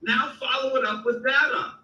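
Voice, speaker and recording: A man's voice: very high-pitched, fairly even intonation, moderate pace, sharp tone, muffled recording. A man hosting a heated live debate, insistent and cutting in to demand evidence, heard as distant, echoey call audio. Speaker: host of a debate show.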